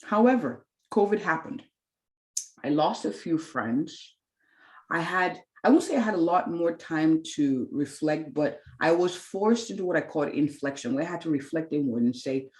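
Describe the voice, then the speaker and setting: A woman's voice: low-pitched, moderate pace. Earnest woman in her thirties, roomy sound. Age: 30s. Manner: earnest, animated, quoting her own past thoughts. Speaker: physician and clinic founder. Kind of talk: candid interview storytelling.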